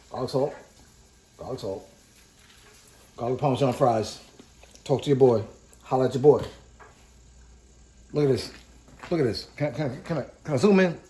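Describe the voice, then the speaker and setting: A man's voice: mid-range voice, animated, unhurried, pauses often, darkish tone, a little hiss or hum. A man hosting a casual cooking vlog in a home kitchen. He talks in a hyped, chatty way, repeats his catchphrases and calls his viewers cooks. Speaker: cooking vlogger. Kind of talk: casual cooking chat to camera. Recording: echoey room.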